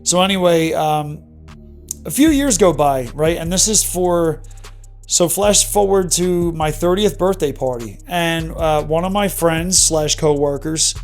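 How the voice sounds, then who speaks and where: Man in his thirties, slightly high voice, earnest, candid vlog storytelling, soft music behind. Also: unhurried. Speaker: vlogger. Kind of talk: personal story monologue.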